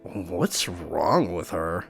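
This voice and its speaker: A man voicing a calm, lackadaisical young man with a bassy, drawling voice, read from a game. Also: drawn-out words, creaky, husky, soft background music, heavily acted. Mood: urgent. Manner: drawling and laid-back.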